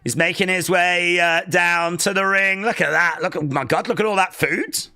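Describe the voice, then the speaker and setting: A host reacting live and excitedly during a stream, chatting, shouting and laughing between remarks. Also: mid-range voice, normal speed.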